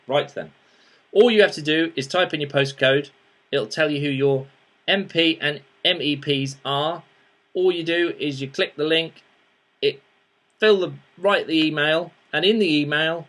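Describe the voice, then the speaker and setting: A man's voice: fairly high pitch, moderate pace, fairly bright tone. A man hosting a casual show-and-tell review, chatty and rambling with restarts and fillers, turning earnest and pleading when he urges viewers to act. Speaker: host reviewing vaping gear.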